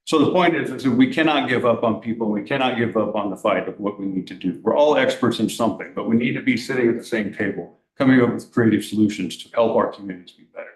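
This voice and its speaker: A man's voice: mid-range voice, fast, hardly any pauses, echoey room, poor audio. A man from law enforcement giving an earnest public talk at a council meeting, asking the audience rhetorical questions.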